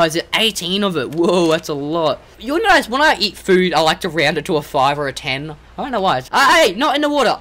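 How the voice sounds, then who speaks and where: A young man giving rambling, excitable let's play commentary and yelping at the game creatures. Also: a little high, a little hiss or hum. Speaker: gamer.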